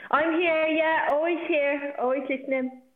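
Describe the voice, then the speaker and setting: A woman on a comedic podcast, dropping quick, wry interjections. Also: sits high, fairly even intonation. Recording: tinny phone-like line in a roomy space.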